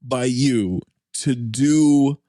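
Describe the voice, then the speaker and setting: A man's voice: medium pitch, extremely slow, mellow, no echo, studio quality. A man co-hosting a podcast, trading teasing, laughing banter in casual chat. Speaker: podcast co-host.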